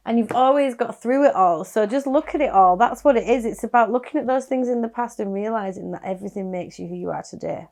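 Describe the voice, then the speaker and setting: A woman's voice: medium pitch, gravelly, darkish tone. A woman with a Yorkshire accent giving a casual tarot reading, chatty and reassuring as she muses over the cards. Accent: Yorkshire English. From Yorkshire, England. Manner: chatty, musing, reassuring, with small laughs and restarts. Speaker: tarot reader.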